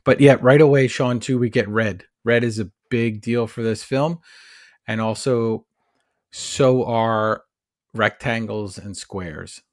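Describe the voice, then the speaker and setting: Speaking slowly at medium pitch, a man co-hosting a podcast talks through a movie casually, analyzing it as he rambles and often using fillers and restarts. The studio-quality audio has no echo.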